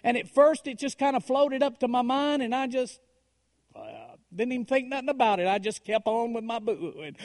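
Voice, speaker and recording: A man preaching a story-driven sermon, dropping to a hush and then rising to loud, dramatic swells. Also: extremely high pitch, big pitch swings, moderate pace. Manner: dramatic, swings from hushed to shouting.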